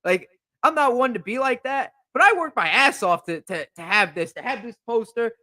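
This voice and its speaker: A young man rants on his podcast in a high, bright voice, indignant and fired up, looping back over his points. He speaks close into a podcast microphone, and the sound is dry and close. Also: animated, normal speed, no echo. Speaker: podcast host. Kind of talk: heated podcast rant.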